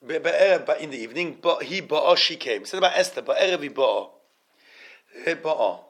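A man's voice: on the high side, expressive, normal speed, fairly bright tone. A man giving an informal Torah class. He stops and repeats words, mixes Hebrew terms into his English, and asks his students questions.

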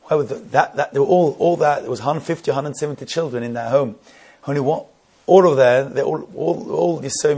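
A man telling a story in a sermon, halting and repeating words, building to emphatic questions. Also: on the high side, vocal fry, a little mellow, breathy edge.

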